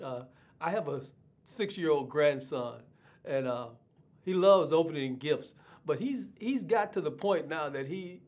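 An older man, a pastor, giving an online sermon with prayer and scripture reading, unhurried and with many fillers. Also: a little high, darkish tone. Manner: unhurried, many uh fillers, repeats words while thinking.

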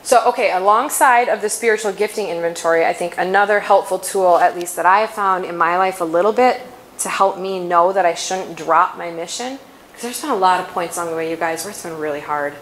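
A woman giving a faith-based inspirational talk at a conference, chatty and quick to laugh, often correcting herself mid-sentence. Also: on the low side, slight background noise, rough recording. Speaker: conference speaker.

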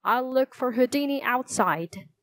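A woman's voice: high voice, expressive, a little slow, a bit bright, no room sound, pitched above the performer's own voice. A woman doing a hysterical wailing theater owner. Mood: pleading. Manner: wailing, frantic and dramatic.

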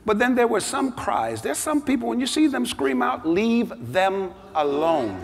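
A middle-aged man preaching a sermon as a bishop, telling a story with animated energy. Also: very high-pitched, unhurried, slight background noise. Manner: animated storytelling, rising to shouted altar call. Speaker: bishop, pastor. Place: large church sanctuary. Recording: long hall reverb with music behind. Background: music.

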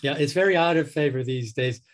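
A man's voice: fairly high pitch, brisk. Dry-humored male therapist on a video call. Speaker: psychotherapist guest. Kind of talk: explaining with clinical anecdotes.

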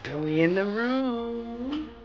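A woman's voice: on the high side, expressive, slow, muffled recording, music in the background. A mother vlogging from a hospital room, emotional and fighting back tears while soothing her child. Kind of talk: casual family vlog.

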